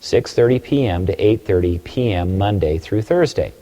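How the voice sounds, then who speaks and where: A man's voice: fairly low pitch, animated, moderate pace, mellow, in a large hall. A man giving a recorded sales training talk, coaching emphatically and acting out phone-call examples.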